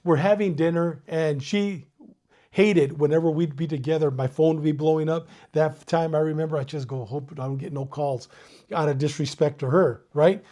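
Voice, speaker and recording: A retired police detective, a man, tells a story as an interview guest, animatedly acting out both sides of his phone calls. His voice sits on the high side and has a bald quality.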